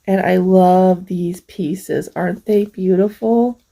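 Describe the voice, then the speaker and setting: A middle-aged woman hosting a craft vlog, gently showing off mail she received and gushing over each piece. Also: fairly low pitch, steady tone, vocal fry, low-quality recording. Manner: slow, gentle, gushing over small things. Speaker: craft channel host. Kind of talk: casual show-and-tell vlog.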